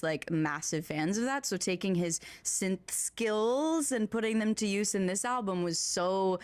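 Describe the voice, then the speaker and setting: A woman's voice: low voice, dry recording. A young woman from Pennsylvania chatting in an interview, laughing often and restarting her sentences. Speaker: interviewed musician. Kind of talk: casual interview chat.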